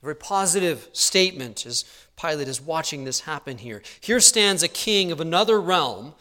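A man giving an expository Bible teaching, measured and explanatory, letting his voice drop low and soft on asides. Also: lively intonation. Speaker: preacher.

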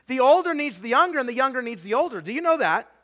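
A man in his forties preaching a sermon, telling stories with lots of restarts and sometimes dropping to a hushed, confessional tone. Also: extremely high pitch, sing-song, quick pace. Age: 40s. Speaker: pastor.

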